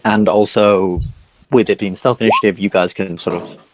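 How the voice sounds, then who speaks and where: Low-voiced male dungeon master. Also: a little hiss or hum, poor audio. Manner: halting, many fillers. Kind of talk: narrating a tabletop game.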